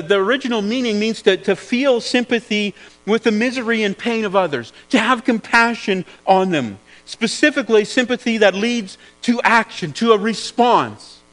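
A man's voice: high-pitched, a bit bright, rough recording. A man preaching a sermon in an earnest way, often repeating words as he searches for the phrasing.

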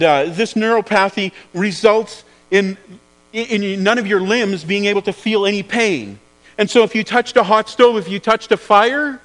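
A man's voice: high-pitched, a bit bright, rough recording. A man preaching a sermon in an earnest way, often repeating words as he searches for the phrasing.

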